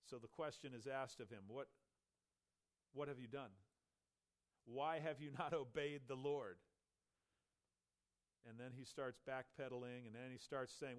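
A man preaching a Bible sermon, retelling the story with animated storytelling and acting out the characters' lines. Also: medium pitch, a little slow.

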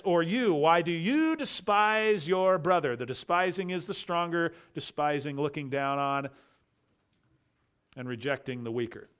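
Male pastor, slightly high pitch, emphatic verse-by-verse preaching with quiet asides. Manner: emphatic, rhetorical questions, drops to quiet asides. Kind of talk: expository sermon.

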